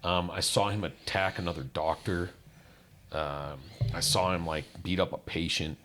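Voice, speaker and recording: A man's voice: fairly even intonation, moderate pace, noisy background. Man candidly recounting a hard childhood. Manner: candid, acts out quoted voices, drops low on painful parts. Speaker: guest. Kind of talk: personal storytelling.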